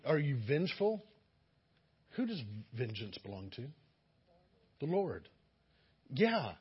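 A man's voice: medium pitch, slightly rough, muffled recording. A man preaching a sermon, earnest and exhorting, sometimes acting out the voices of listeners. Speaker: pastor.

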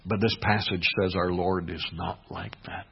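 A pastor delivering a sermon, swinging between hushed, quiet passages and emphatic, rising ones. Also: male voice, deep voice, steady tone, normal speed, gravelly, breathy edge. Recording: dull lo-fi recording.

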